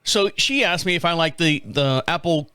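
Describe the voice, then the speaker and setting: A man's voice: on the high side, normal speed, sharp tone, smooth, dry recording, clean studio sound. A man in his fifties hosting his own show, telling a rambling story in casual talk. He swears freely and laughs often at his own stories. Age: 50s. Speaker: podcast host.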